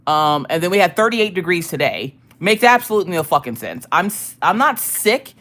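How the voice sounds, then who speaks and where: A woman from the United States hosts a casual livestream chat, greeting viewers by name and chatting loosely. Her lowish voice is sing-song and fairly bright, moving fairly quickly, with a ticklish cough in her throat.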